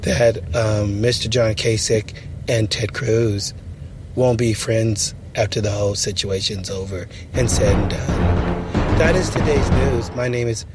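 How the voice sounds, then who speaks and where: A man playing a hesitant news reporter in a parody radio show, halting with many pauses. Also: lowish voice, close to an everyday voice. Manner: halting, full of ums and pauses. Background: music.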